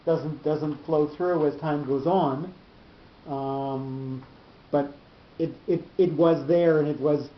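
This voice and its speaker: A man teaching a Torah class, explaining slowly and often repeating words as he thinks. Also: on the high side, fairly even intonation, slight background noise. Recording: dull echoey room recording.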